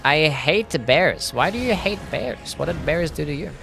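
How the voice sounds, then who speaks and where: A man's voice: on the high side, lively intonation, normal speed, gravelly, fairly bright tone, soft background music. A young Australian man with a mild Australian accent, chatting casually while streaming a game and answering his chat.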